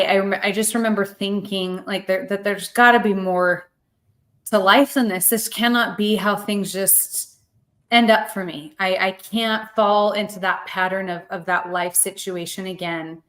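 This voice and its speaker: A woman's voice: mid-range voice, a bit bright. A woman in her thirties, a podcast guest, telling a personal story earnestly and emotionally, close to tears and repeating words as she goes. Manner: earnest, heartfelt, with frequent word repeats.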